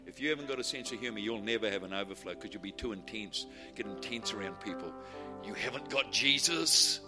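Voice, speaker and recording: A man preaching a sermon, telling humorous stories and swinging from quiet asides to shouted declarations. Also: on the low side, fast, music in the background.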